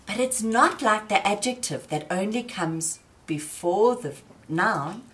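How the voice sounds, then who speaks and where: A woman teaching young children in a gentle, patient way, often asking them questions. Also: mid-range voice, expressive, slow pace. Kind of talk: slow children's lesson.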